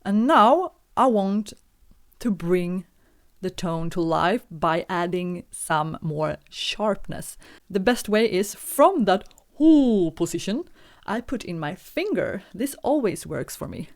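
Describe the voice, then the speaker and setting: Slow, lilting woman teaching singing. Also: lowish voice. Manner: calm, patient step-by-step instruction. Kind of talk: vocal warm-up lesson.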